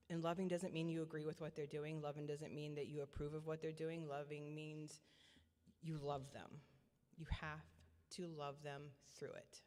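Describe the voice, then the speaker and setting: A middle-aged woman giving a personal testimony as a parent, earnest and repetitive, often halting and restarting her sentences. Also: low voice, darkish tone. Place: church hall. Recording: long church hall reverb.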